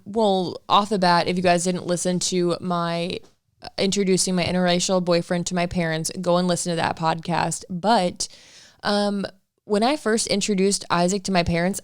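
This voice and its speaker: Young woman on a couple podcast, chatty and frank, smooth lowish voice, dry close sound. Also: no room sound. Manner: chatty, laughs often, frank. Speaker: podcast co-host. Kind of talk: casual couple podcast chat.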